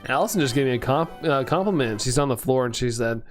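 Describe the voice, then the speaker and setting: A man's voice: medium pitch, animated, fast talker, faint music behind. A young man streaming, chatting casually with his audience, reading their comments aloud and laughing at himself. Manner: chatty, self-mocking, reads chat aloud and laughs often. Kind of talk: casual live-stream chat.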